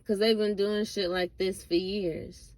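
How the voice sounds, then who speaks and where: A woman's voice: mid-range voice, little pitch movement, a little slow, a little mellow, no room sound. A woman vlogger ranting casually to camera, blunt and profane, rambling with lots of fillers and asides.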